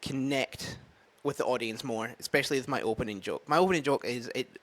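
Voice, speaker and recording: A man's voice: mid-range voice, fairly quick. A man with a Scottish accent, an open mic comedian, chatting casually in a vlog, rambling and thinking aloud with many fillers. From Scotland. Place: at home with a dog.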